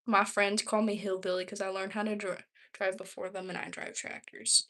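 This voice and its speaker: A woman's voice: mid-range voice, flat delivery, normal speed, a bit bright. A young woman around twenty with a Southern accent, chatting casually on a livestream, rambling with lots of "like" and "um". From Texas, US. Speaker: vlogger.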